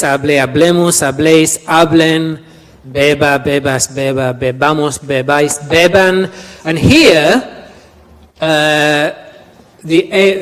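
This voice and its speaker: A man teaching a class, chatty, repeating words and asking the students questions. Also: a little high. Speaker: language lecturer. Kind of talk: classroom lecture. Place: lecture room. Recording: long reverb of a lecture hall.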